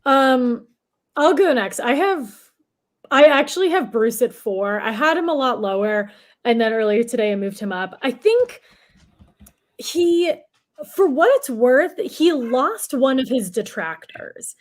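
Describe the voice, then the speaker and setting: Female podcast co-host from the Boston area, chatty, slightly high pitch. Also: very animated, a little slow. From Boston area, USA. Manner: chatty, full of "like" fillers. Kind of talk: casual podcast chat.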